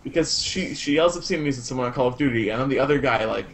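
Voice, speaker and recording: A young man with a mid-range voice chats as a guest, wry and quick to tease the others. Faint noise hums behind his mic. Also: mid-range voice. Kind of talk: casual chat.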